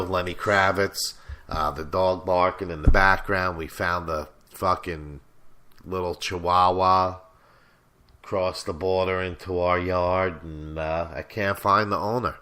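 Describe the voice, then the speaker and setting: A radio host rambles casually through the show's sign-off with lots of fillers and cursing. His voice is very low yet bright and forward. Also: fairly even intonation, slow, clean tone. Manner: rambling, filler-heavy, profane.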